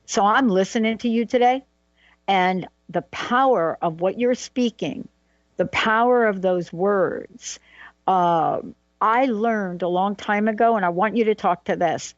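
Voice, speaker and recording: A woman's voice: medium pitch, dry recording, muffled recording. A woman co-hosting a radio talk show, telling stories and affirming her guest. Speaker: co-host.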